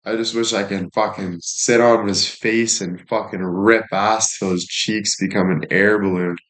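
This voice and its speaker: A man's voice: fairly low pitch, fairly even intonation, measured pace, fairly bright tone, low-quality recording. A young man quoting a crude, mocking woman friend in his own casual voice.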